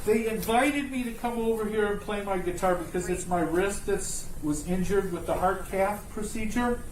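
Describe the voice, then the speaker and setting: A man's voice: high-pitched, moderate pace, a little hiss or hum. Stubborn sarcastic man, captured far off on body cam in a reverberant room. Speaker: patient refusing to leave. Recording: distant echoey body cam audio.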